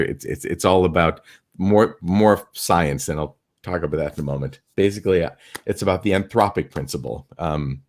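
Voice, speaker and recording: A middle-aged man, a stage illusionist, telling animated anecdotes in a podcast interview and acting out the people he quotes. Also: low-pitched.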